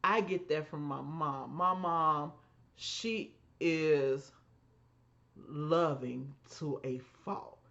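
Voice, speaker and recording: A woman co-hosting a podcast, telling family stories in an emphatic, animated way and acting out the voices she quotes. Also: low voice, drawn-out words, lo-fi sound. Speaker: podcast co-host. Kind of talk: casual storytelling chat.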